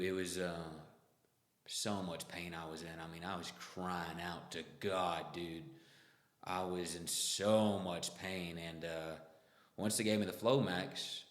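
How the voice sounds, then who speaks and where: Young man, deep voice, profane and joking storyteller, reverberant room. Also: fairly bright tone. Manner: crude, joking, loose and profane. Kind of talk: casual storytelling monologue. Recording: echoey room with long reverb.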